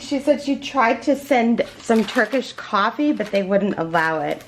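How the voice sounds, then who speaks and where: A woman vlogging an unboxing at home in a casual chat, gushing and excited, with many fillers and restarts. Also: on the high side, measured pace, few pauses, a little hiss or hum. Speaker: crochet vlogger.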